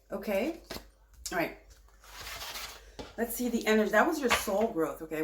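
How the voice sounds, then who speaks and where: A woman's voice: mid-range voice, echoey room, background noise. Chatty woman giving a tarot reading. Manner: animated, chatty, self-interrupting. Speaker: tarot reader.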